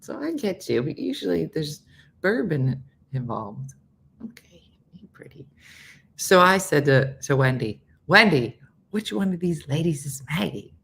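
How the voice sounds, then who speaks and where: A woman with a low voice hosts a casual morning show, her pitch swinging widely as she tells stories. She acts out the people she quotes, laughs often and sometimes drops to a whisper. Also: sing-song, moderate pace, vocal fry, fairly bright tone, a little hiss or hum. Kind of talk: casual storytelling chat.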